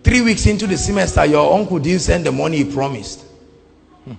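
A Nigerian man preaches a sermon in a high, gravelly voice that leaps up and down in pitch. He moves between hushed lines and shouts. His voice rings through a large hall with faint music behind. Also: animated, a little fast.

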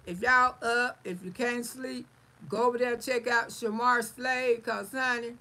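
A middle-aged woman hosts a casual live stream and reads her viewers' comments aloud. Her voice is gravelly and bright, and she speaks at an unhurried pace. She is blunt and salty and laughs often. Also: fairly high pitch, fairly even intonation, rough recording.

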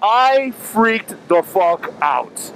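Brief: high-voiced man, animated, swearing storyteller, faint noise behind. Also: extremely slow, poor audio. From Miami. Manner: animated, profane, acts out quotes. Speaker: vlogger telling a story. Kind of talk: casual storytelling.

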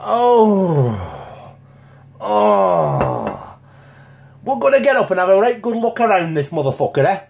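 A chatty man talks straight to camera in his kitchen, blunt and swearing nonstop. His voice sits a touch high and swings up and down a lot. The room around him sounds echoey. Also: very animated, normal speed, darkish tone, slight background noise. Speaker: home cooking channel host. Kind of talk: casual sweary to-camera chat.

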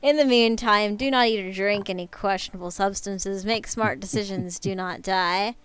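A woman's voice: medium pitch, moderate pace, clean tone, no room sound. A young woman hosting a party-game live stream, chatting casually, teasing and swearing often at a home desk mic.

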